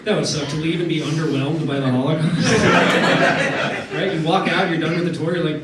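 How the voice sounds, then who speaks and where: Brief: male stand-up comic, deadpan, filler-heavy delivery, boomy club sound with heavy noise. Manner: deadpan with fillers and quick put-on voices. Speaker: stand-up comedian. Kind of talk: stand-up set. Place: comedy club stage. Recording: distant echoey club recording with loud noise. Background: audience laughter.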